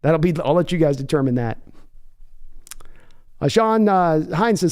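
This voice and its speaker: A man's voice: on the high side, expressive, measured pace, pauses often, darkish tone. A man hosting a casual livestream podcast, chatting and reading viewer comments aloud. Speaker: podcast host.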